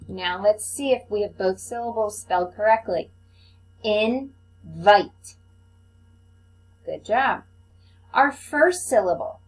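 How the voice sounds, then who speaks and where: A woman teacher giving a slow, patient phonics lesson to young children, speaking into a computer microphone. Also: fairly high pitch, low-quality recording. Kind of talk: recorded online phonics lesson.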